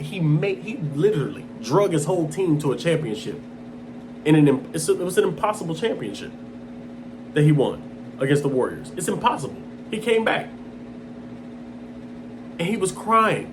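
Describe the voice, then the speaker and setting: A man delivers a fired-up motivational monologue, his raised voice swinging widely in pitch as he hammers the same points again and again. He mocks lukewarm wishes in a flat, bored tone before bursting back into intensity. Faint noise sits under the recording. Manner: intense, emphatic, repeats points, mocking quotes in a flat low voice. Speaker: motivational speaker. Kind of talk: impassioned self-help monologue.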